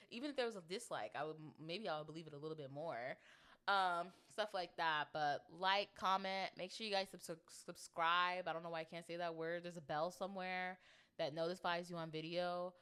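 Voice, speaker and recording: A woman's voice: on the low side, fairly bright tone, clear, resonant tone. A young woman hosting her own podcast, chatting casually and self-deprecatingly with lots of "like" fillers. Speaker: podcast host. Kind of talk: casual solo podcast chat.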